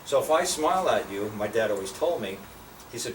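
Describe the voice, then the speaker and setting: This older American's voice sits on the low side and moves fairly quickly as he tells a small group blunt, profane stories carrying life lessons. He's animated, acting out the voices he quotes, and he's recorded from a distance in a roomy space with noticeable background noise.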